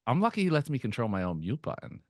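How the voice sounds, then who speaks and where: A man's voice: mid-range voice, very animated, fast, no room sound, studio quality. A man hosting a live talk in an event space, upbeat, jokey and informal. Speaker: event host.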